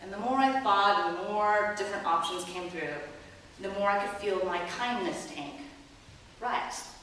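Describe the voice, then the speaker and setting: A woman preaching in a church, telling a story with lively, self-mocking humor. Her voice sits in a middle range. It bounces around a big echoey hall and is picked up from some distance, with a faint murmur behind it. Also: medium pitch, normal speed, a little hiss or hum. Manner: animated, self-mocking storyteller who laughs and acts out quotes. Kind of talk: sermon storytelling.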